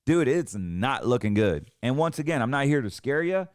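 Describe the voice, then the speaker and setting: A man's voice: mid-range voice, very animated, moderate pace, darkish tone, no room sound, studio quality. A man hosting a financial show, ranting in heated, emphatic commentary and often restarting his sentences.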